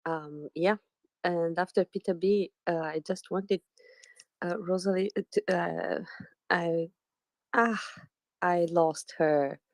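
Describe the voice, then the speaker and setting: Slow, hesitant woman moderator. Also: lowish voice, steady tone, a little mellow, no room sound. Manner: hesitant, many uhs and ums. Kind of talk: casual chat in a live audio room.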